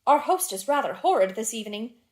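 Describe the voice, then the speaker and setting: Lady reading a chatty victorian duchess, playful banter, bright-ish high voice. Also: sing-song, a little fast. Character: lively, teasing young aristocratic Victorian duchess.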